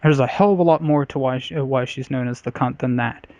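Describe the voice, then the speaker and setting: Male podcast co-host, mid pitch, blunt and foul-mouthed, filler-heavy storyteller, dry, slightly muffled audio. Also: fairly quick, darkish tone, dry recording. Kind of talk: casual comedy podcast chat.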